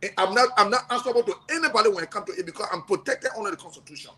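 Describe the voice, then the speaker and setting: High-voiced forceful lawmaker. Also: male voice, rapid-fire. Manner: forceful, insistent. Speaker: lawmaker panelist. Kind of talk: panel debate.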